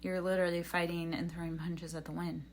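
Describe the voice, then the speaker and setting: A woman's voice: fairly low pitch, little pitch movement, a little fast, a little hiss or hum. A young adult woman on a livestream reading tarot, telling a rambling, earnest story full of fillers and advice. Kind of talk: casual chat.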